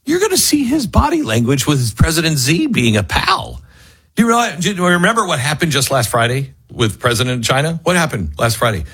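A man hosting a talk radio show, delivering an emphatic opinion monologue that swings between loud and hushed. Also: on the high side, very animated, a little fast, breathy edge, dry recording. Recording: dry studio mic.

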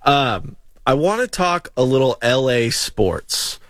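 A man's voice: mid-range voice, very animated, slow, fairly bright tone, dry recording. A man co-hosting a casual sports talk show, often restarting his sentences and teasing his co-hosts. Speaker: podcast co-host.

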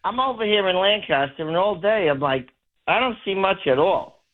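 A man's voice: sits high, lively intonation, normal speed. A man from Brooklyn with a New York accent, calling in to a radio show and rambling through stories in a chatty way. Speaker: caller. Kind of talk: casual call-in chat. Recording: tinny phone line.

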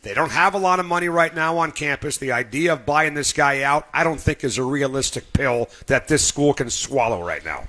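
Blunt sports-radio host, man, forceful and bright. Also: fairly high pitch, lively intonation, moderate pace, hardly any pauses. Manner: blunt, emphatic.

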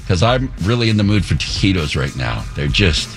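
A man's voice: low-pitched, big pitch swings, brisk, soft background music. A middle-aged man hosting a radio morning show, bantering casually with a rambling, playfully opinionated, joking manner in a studio.

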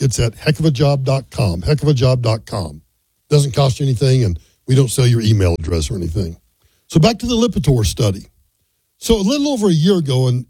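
A man's voice: mid-range voice, dark tone, breathy edge, dry recording, rough recording. An older man hosting a talk radio show, giving folksy, opinionated commentary.

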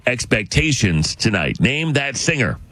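A man's voice: medium pitch, very animated, measured pace, sharp tone. A man hosting a morning radio quiz, joking and encouraging the caller. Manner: jokey, encouraging, laughs a lot. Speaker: radio show host.

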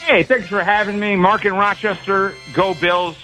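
A man's voice: high voice, flat delivery, normal speed, pushed and bright, faint music behind, rough recording. A man calling into a radio show, playing a game in an upbeat, easygoing way. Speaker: caller. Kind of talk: casual call-in chat.

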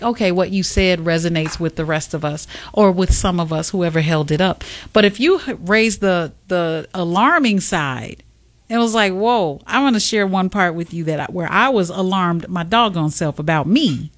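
Lively storytelling woman, low dry voice. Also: normal speed, dry recording. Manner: animated storyteller, acts out quotes. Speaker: co-host. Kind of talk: casual chat.

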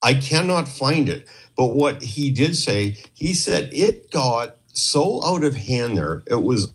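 A man's voice: mid-range voice, takes it slowly, slightly rough. A man from Canada, a guest on a talk show, telling a long rambling story and acting out quotes from the people in it. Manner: rambling, animated anecdotes with acted quotes. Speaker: podcast guest, former police trainer. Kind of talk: casual storytelling interview.

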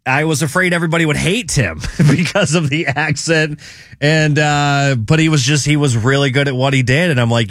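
A man's voice: fairly high pitch, moderate pace, no room sound, clean studio sound. A man with a Midwestern accent hosting a casual sports talk radio show, rambling a little with plenty of fillers. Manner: relaxed, rambling, frequent fillers. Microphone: studio mic.

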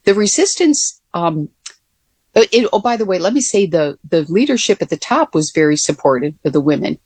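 A woman's voice: on the low side, sing-song, fairly quick, a little mellow, slightly rough, no echo. An older woman, a former Air Force pilot, telling stories in a casual interview with many fillers and restarts.

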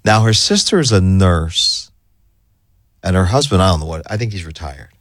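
A man's voice: low-pitched, moderate pace, no room sound, studio quality. A male radio show host telling a story in casual on-air banter, acting out the voices of the people in it. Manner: animated storyteller, acts out quoted voices.

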